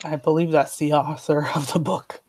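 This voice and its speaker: A man's voice: fairly high pitch, fairly even intonation, normal speed, darkish tone, no echo. A talkative man in a casual chat who argues his points at length. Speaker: co-host.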